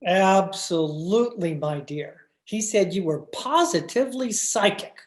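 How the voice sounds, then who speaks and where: A woman playing a meek, obliging husband who fussily pleads for quiet, in an old-time radio drama read over a video call. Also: medium pitch, expressive, measured pace, lightly acted. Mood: placating. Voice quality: fussy, placating, apologetic. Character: meek obliging husband, middle-aged man.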